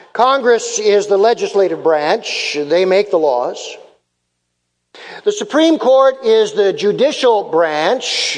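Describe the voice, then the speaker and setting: Unhurried high-voiced male preacher in a hall. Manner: preaching with repeated emphatic phrases and acted-out dialogue. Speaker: pastor. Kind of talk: sermon.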